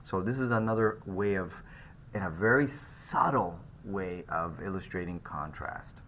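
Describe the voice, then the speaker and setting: A man's voice: low-pitched, unhurried, fairly bright tone, a little hiss or hum. A man teaching an art lecture over slides, talking loosely and conversationally, with frequent fillers and restarts. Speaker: art instructor.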